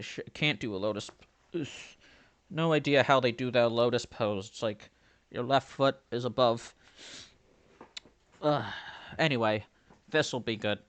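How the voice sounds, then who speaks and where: A man hosting a let's play, giving casual commentary in rambling, self-amused asides. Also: mid-range voice.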